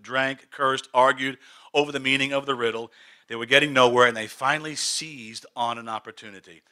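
A man preaching, retelling a story dramatically and acting out the characters. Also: medium pitch. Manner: animated, dramatic, acts out the characters. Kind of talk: sermon storytelling.

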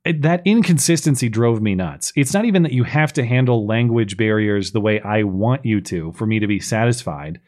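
A man in a relaxed podcast chat, reviewing a movie with sarcastic, animated complaints. His voice sits at an ordinary middle pitch, and he keeps the talk loose and conversational. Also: moderate pace, hardly any pauses. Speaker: podcast host. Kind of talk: casual chat reviewing a film.

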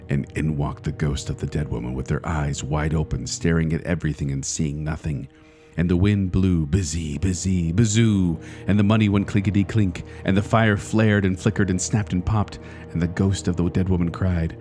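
A man podcast host reading a spooky children's story aloud in a deliberate manner that builds suspense. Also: sits low, fairly even intonation, dark tone, soft background music.

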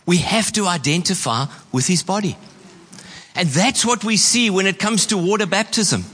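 A man preaching a sermon as pastor, leaning on slow emphatic words and acting out quoted lines. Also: sits high, fairly bright tone, breathy edge, in a large hall. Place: church hall.

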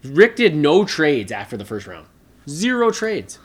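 A man's voice: on the high side, wildly swooping pitch, unhurried. Man, podcast co-host, casual sports talk, rambling, filler-heavy. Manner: rambling, conversational, many fillers.

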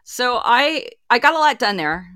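A woman's voice: low voice, lively intonation, moderate pace, fairly bright tone, no echo, studio quality. A woman in her forties co-hosting a casual chat show, telling stories with lots of laughter and playful voices. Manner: chatty and giggly, tells stories with playful put-on voices. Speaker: co-host.

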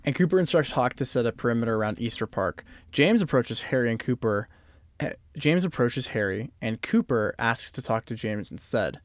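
The voice is a man's at middle pitch, dry and close with almost no room sound around it. He walks through plot points in a casual, animated way, breaking off now and then to joke with his co-hosts. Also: normal speed, dry recording. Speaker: podcast co-host. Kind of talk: casual episode recap chat.

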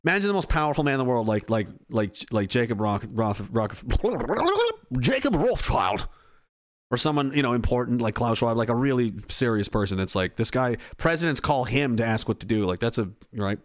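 A man's voice: mid-range voice, big pitch swings, moderate pace. A man giving a casual, rambling monologue, swearing freely and often restarting his sentences. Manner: profane, rambling, self-interrupting.

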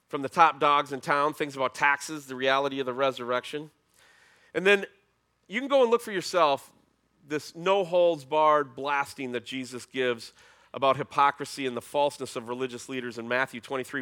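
A middle-aged man preaching a sermon as pastor, talking in a conversational way with emphatic, animated bursts. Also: a little high.

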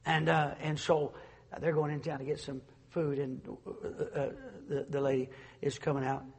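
Male pastor, fervent and slightly higher-pitched, surging then dropping soft, recorded in a reverberant church hall. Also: level tone, normal speed, slightly rough. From North Carolina, USA. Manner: swings from loud preaching to soft, with stumbling restarts. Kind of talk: fervent sermon.

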